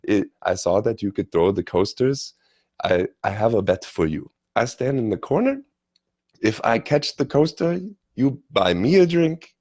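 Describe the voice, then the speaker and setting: A man voicing an eager, tipsy German man in a bar who speaks broken English, pushy and excited. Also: fairly low pitch, a little slow, no echo, studio quality, voice pushed up.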